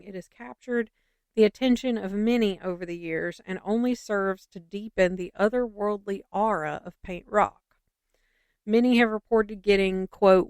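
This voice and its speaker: A woman's voice: medium pitch, clear, resonant tone, no room sound. A woman co-hosting a podcast, reading a local legend and then chatting skeptically in a loose, rambling way. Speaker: podcast co-host. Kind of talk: casual podcast chat and story reading.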